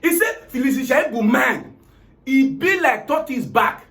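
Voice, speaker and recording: Animated high-voiced man telling a tale in Pidgin. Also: a little slow. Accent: Nigerian Pidgin. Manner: animated, dramatic retelling with acted-out quotes. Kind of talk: comic storytelling retelling a political tale.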